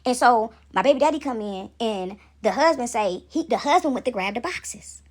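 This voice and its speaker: A young woman vlogger with a slightly high, lively voice talks at a normal speed. She's telling her viewers a story in a casual, chatty way, tagging sentences with "right?" and "y'all," and she sounds shaken by what she's describing.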